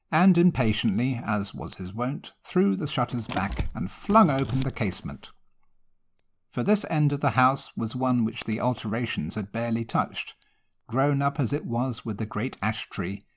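Male storyteller, mid-pitched voice, animated reading, ghost story narration. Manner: measured, expressive storytelling.

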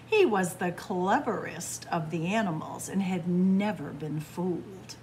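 A woman librarian reading a picture book aloud to children in a playful, animated storytelling manner. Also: on the low side, unhurried, slight background noise.

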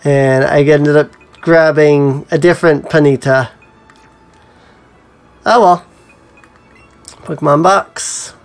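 Man, let's play commentary, thinking aloud, slightly high voice, slow and drawn out. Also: fairly even intonation, faint music behind. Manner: musing to himself with frequent ums. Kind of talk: casual gameplay commentary.

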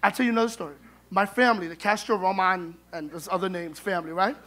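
A middle-aged man telling funny, animated stories at a memorial service, acting out the dialogue. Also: sits high, fast talker. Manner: humorous, animated, acts out dialogue. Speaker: son giving a eulogy. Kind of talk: storytelling eulogy at a memorial service.

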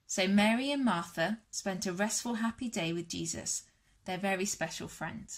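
A woman's voice: medium pitch, moderate pace. Woman reading a children's Bible story. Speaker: storyteller for a church all-age session.

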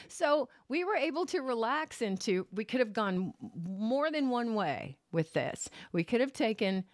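A woman hosting a casual tarot podcast, expressive and animated, laughing often as she talks. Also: a little high, a little slow, few pauses, no room sound, studio quality. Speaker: podcast host and tarot reader. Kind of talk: casual solo podcast chat with a tarot reading.

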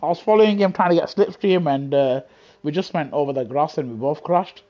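A man's voice: a little high, brisk, warm tone. A man streaming live racing gameplay on a headset from his home setup, chatting casually and saying "man" a lot while fighting a dry throat and coughing fits. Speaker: gaming streamer. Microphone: gaming headset. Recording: faint game noise behind.

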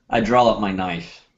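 Male player, very low voice, dry deadpan delivery, muffled recording. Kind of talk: tabletop role-play. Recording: dull lo-fi recording.

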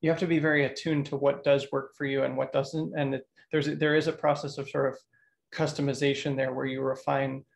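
Flat, gravelly-voiced male podcast host. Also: medium pitch, a little fast. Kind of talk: casual podcast conversation.

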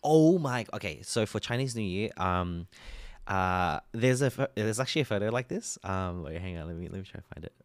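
An Australian man hosting a live reaction stream, chatting excitedly with chat and lots of fillers. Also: on the low side, brisk, no room sound.

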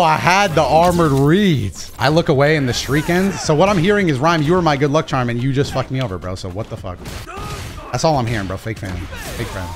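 A man streaming a fighting game, commenting live and swinging between low mumbles and excited shouts. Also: a little fast. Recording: game music underneath.

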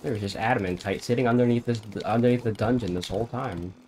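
A man's voice: medium pitch, quick pace, a little mellow, slight background noise. A man chatting casually while playing a video game, laid-back and joking, often breaking into laughter. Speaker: gamer. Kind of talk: casual gaming chat.

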